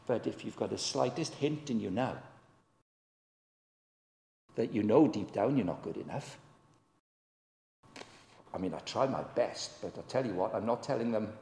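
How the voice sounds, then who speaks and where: A man's voice: a little slow, long pauses, warm tone, slight background noise. A man preaching a sermon as a guest preacher, chatty and direct, asking the congregation questions and acting out the voices he quotes. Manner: conversational, asks the congregation questions; acts out quoted voices with big pitch swings. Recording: long reverb of a large hall.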